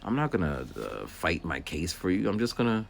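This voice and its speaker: Low-voiced man, wildly swooping delivery. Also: very animated, moderate pace, vocal fry, a little hiss or hum. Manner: rambling storyteller who acts out voices. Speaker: teacher's aide. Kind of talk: casual walking vlog monologue. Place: outdoors, walking.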